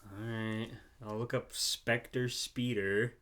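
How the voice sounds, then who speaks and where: A man's voice: lowish voice, steady tone, slow pace, a bit bright, smooth. A man co-hosting a podcast in casual chat, making wry teasing remarks and laughing. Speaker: podcast co-host.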